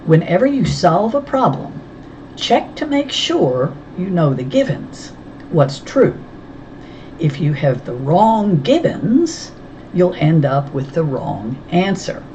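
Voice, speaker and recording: A patient, firm schoolteacher, as a woman reader plays her, speaking in a measured, instructive way with a lively rise and fall. The recording is slightly dull, with a faint hiss. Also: fairly low pitch. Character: adult female schoolteacher, patient but firm.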